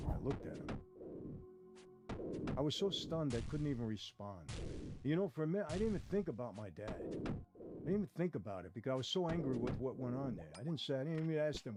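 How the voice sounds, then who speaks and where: A man telling a dramatic first-person story, talking straight to his listeners and moving between hushed and heated tones. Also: medium pitch, very animated, brisk. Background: music.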